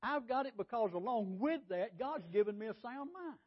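A man's voice: very high voice, animated, moderate pace. A man preaching a sermon, folksy and conversational, often repeating his words. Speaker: pastor. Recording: dull lo-fi sound.

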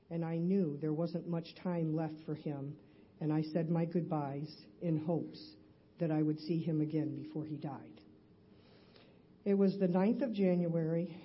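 A middle-aged woman in a church, earnestly reading her personal testimony aloud, halting at times with restarts. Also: low-pitched, muffled recording, a little hiss or hum. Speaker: church member giving a testimony.

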